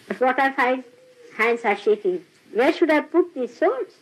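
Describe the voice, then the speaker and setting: A woman's voice: high voice, lively intonation, measured pace, husky. An older woman gives an informal spiritual talk to followers, laughing often and acting out little dialogues. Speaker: spiritual teacher. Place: small room with a gathering. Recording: dull lo-fi archival tape.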